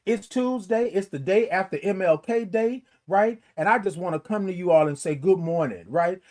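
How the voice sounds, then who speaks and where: Lively, high-voiced man singing out greetings. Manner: animated, sings snatches and drawn-out greetings. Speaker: host of a morning livestream show. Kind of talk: casual chat greeting live viewers.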